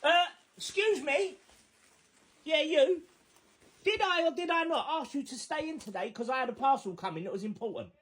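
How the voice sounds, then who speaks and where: A woman acting out an exasperated housemate who scolds and bickers with sarcasm. She speaks in a high voice. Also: animated, moderate pace. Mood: scolding.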